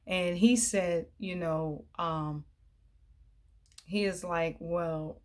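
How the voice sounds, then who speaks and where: A woman's voice: fairly low pitch, drawn-out words. Chatty woman recapping a TV drama. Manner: chatty, animated, acts out the characters' lines. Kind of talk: casual chat.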